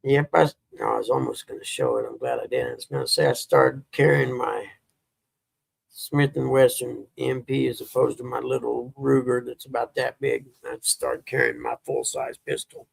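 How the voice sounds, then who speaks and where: Gravelly laid-back man. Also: medium pitch, animated, normal speed, no echo. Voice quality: gravelly, husky. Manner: rambling, laid-back storytelling. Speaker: livestream host. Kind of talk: casual chat.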